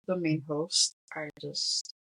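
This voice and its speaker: A woman's voice: deep voice, level tone, takes it slowly, bright, forceful tone, poor audio. A woman co-hosting a casual movie podcast with her husband, chatty and explaining details. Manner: chatty, explains and translates lines. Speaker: podcast co-host.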